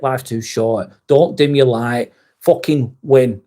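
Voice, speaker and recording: Hosting a live stream, this man reads out the chat and responds in a blunt, offhand way full of profanity. His mid-range voice is dark in tone and fairly even in intonation, and he takes his time.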